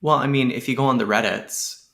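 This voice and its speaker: A man co-hosting a casual chat podcast with a bright, forceful tone. He talks eagerly and sounds enthusiastic about what comes next. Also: medium pitch, steady tone, brisk, gravelly. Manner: chatty and enthusiastic. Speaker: podcast co-host.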